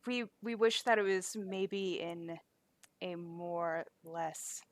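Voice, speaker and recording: A woman voicing a poised young noblewoman in a tabletop game, speaking in a measured, diplomatic way. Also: fairly low pitch, no echo.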